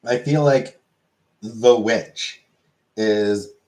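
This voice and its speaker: A man chatting casually with his chat as a streamer, rambling, correcting himself and trailing off into quiet asides. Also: lowish voice, extremely slow.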